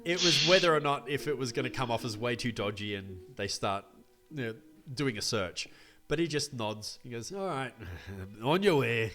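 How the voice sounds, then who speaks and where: A man narrating as game master in a tabletop game, relaxed and descriptive. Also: medium pitch, moderate pace, music in the background.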